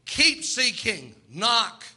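A man preaches with fervour, acting out the people in his stories as he goes. His voice sits very high and rings with a sharp brightness. It is a sermon through and through. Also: big pitch swings, drawn-out words, breathy edge.

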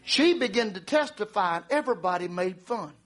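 A male preacher delivering a sermon through dramatic storytelling, with repeated refrains and calls to the congregation that build to shouts. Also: high-pitched, animated, fairly quick.

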